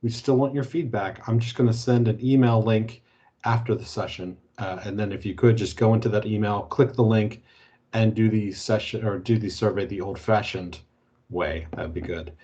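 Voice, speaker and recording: A man moderating a corporate training webinar over a video call, easygoing and halting, with many fillers. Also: fairly low pitch, fairly even intonation, mellow. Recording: muffled video-call audio.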